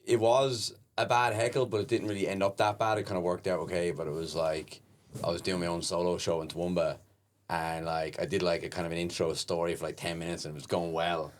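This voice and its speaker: A man with a low, deep voice rattles through his stand-up stories at speed. He hosts the show and talks casually, slipping into the voices of the people he describes. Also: brisk. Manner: animated storyteller who acts out the people in his stories. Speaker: podcast host and stand-up comedian. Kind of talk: casual chat.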